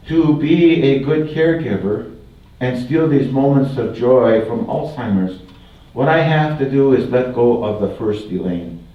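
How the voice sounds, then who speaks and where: An older man from Wisconsin giving a folksy public talk, mixing humor with repeated phrases. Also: medium pitch. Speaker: guest speaker. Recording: distant, roomy, dull hall recording. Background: audience laughter.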